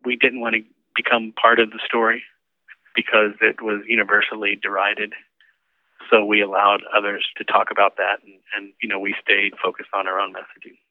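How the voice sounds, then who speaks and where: A man's voice: on the low side, flat delivery, a little fast, dry recording. A man, a former campaign manager, recalling events in a conversational interview with fillers. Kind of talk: interview recollection. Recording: tinny phone line.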